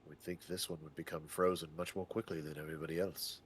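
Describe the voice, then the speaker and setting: A man's voice: low-pitched, flat delivery, quick pace, a little hiss or hum. A man playing his character in a tabletop game, speaking formally and courteously. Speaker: player.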